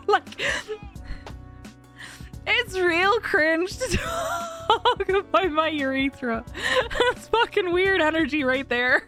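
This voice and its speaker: Woman, live streamer, casual chat, animated and sweary, fairly high voice, faint music behind. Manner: chatty and animated, laughs often, swears casually.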